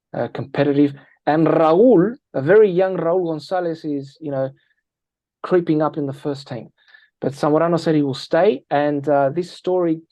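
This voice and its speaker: A man on an interview, a football analyst, telling lively anecdotes and acting out quoted lines. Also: on the high side, dry recording. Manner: energetic, tells anecdotes with quoted dialogue. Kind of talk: animated storytelling interview.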